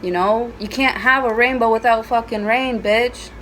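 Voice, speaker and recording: A woman's voice: on the high side, fairly even intonation, moderate pace, a bit bright, a little hiss or hum, rough recording. A woman giving a casual tarot reading at home, chatty and playful, with frequent swearing. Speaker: tarot reader.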